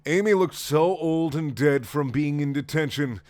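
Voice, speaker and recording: A man reading a story aloud in a sarcastic, deadpan way, with mocking asides. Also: a little high, normal speed, no echo. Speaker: comedic reader.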